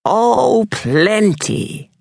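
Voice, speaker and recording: A man's voice: sits high, lively intonation, extremely slow, vocal fry, darkish tone, no room sound, studio quality, pitched above the performer's own voice, exaggerated voice. A man voicing a greedy, creased old witch woman with a harsh, grating voice and a mocking, sneering manner.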